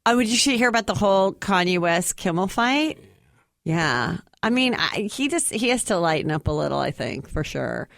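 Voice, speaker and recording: A woman from California's San Fernando Valley with a Valley girl accent, chatting quickly in an interview, saying "like" all the time and slipping into lively impressions. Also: lowish voice, vocal fry, no room sound, clean studio sound. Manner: chatty, quick, says "like" a lot, animated impressions. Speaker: comedian guest. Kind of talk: casual interview chat.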